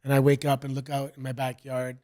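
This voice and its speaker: A middle-aged man from Canada, a guest chatting casually and telling rambling stories in a relaxed way. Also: mid-range voice, fairly quick. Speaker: guest, wrestler. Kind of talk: casual interview chat.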